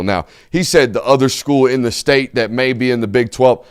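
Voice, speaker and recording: A man's voice: mid-range voice, a little fast, few pauses, clean tone, dry recording, clean studio sound. Joking male sports show host. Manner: loose, joking, rambling with fillers. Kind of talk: casual sports talk show.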